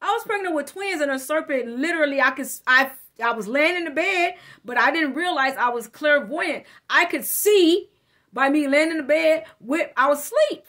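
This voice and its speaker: A woman's voice: high-pitched, expressive, moderate pace, hardly any pauses, pushed and bright. A woman giving a casual tarot reading, talking straight to her listener in a blunt, slangy, profane and emphatic way. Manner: emphatic, addresses listener directly. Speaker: tarot reader.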